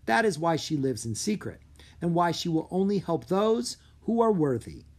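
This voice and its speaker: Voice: medium pitch, sing-song, moderate pace, a little mellow, voice pushed up. Narrator doing a clever young girl. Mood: earnest. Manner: urgent when warning.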